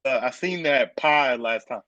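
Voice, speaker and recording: A man, co-hosting a live reptile stream in casual, excitable chat and calling people brother. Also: medium pitch, unhurried, soft background music. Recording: dull, dry lo-fi stream audio.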